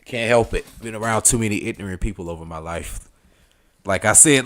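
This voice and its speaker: A man's voice: lowish voice, brisk, a bit bright. A man in his thirties with a thick Southern US accent, rambling casually to his live-stream chat, full of slang and fillers.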